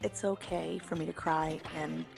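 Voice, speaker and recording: A woman's voice: low-pitched, steady tone, moderate pace, creaky. A woman chatting casually as a guest on a friend's game stream. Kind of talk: casual chat. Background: game music.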